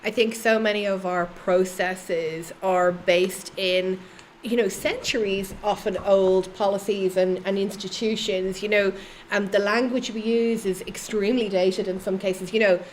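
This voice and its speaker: Female guest, middle-aged, mid-range voice; calm explanatory delivery. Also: medium pitch, measured pace, a little hiss or hum. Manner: steady, explanatory. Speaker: anti-racism trainer, guest. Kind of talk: measured discussion.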